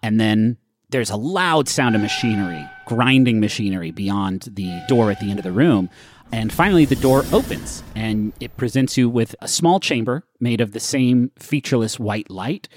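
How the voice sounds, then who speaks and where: A man's voice: on the low side, expressive, normal speed, a little hiss or hum. Man narrating as game master.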